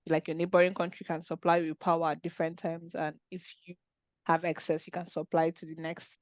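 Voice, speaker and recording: A woman's voice: on the low side, flat delivery, a little fast, a little mellow, no echo, dull audio. A woman hosting an online webinar discussion, talking in an earnest, conversational way over a video call. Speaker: webinar host.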